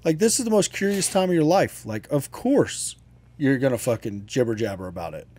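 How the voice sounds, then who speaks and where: A man co-hosting a casual chat who argues his point in an animated way and swears freely. His voice sits at an average pitch. The sound is dry and close. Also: fairly quick, husky, no echo. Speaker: podcast co-host and father.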